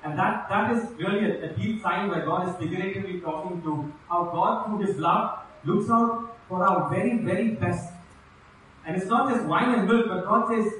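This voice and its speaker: A man's voice: sits high, moderate pace, fairly bright tone, a little hiss or hum. A man preaching a sermon, reading scripture aloud and explaining it in an earnest voice that rises on repeated invitations. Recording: very echoey room, voice far from mic.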